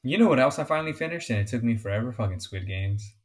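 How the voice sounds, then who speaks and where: A man co-hosting a podcast, chatting casually with a lively, swooping pitch. He gets excitable and loud as he talks and swears freely. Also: fast talker. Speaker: podcast co-host. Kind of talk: casual chat.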